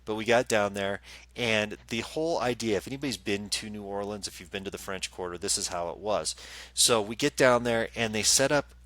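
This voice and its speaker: A man co-hosting a casual live chat show, telling stories in an animated way and acting out what people said. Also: on the low side, brisk. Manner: animated storyteller, acts out quotes. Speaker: co-host and psychic medium.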